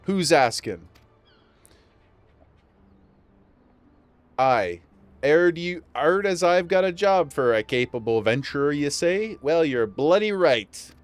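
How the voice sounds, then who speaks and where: A man voicing a gruff male tavern keeper with a clumsy put-on rough dockside accent, reading game dialogue aloud. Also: mid-range voice, lively intonation, moderate pace, no echo, faint music behind, close to an everyday voice.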